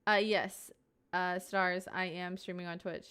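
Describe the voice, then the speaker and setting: A woman's voice: fairly low pitch, flat delivery, unhurried, a bit bright, clear, resonant tone. A young woman live streamer chatting casually and playfully with her viewers, giggly and rambling, sitting at home at a desk mic.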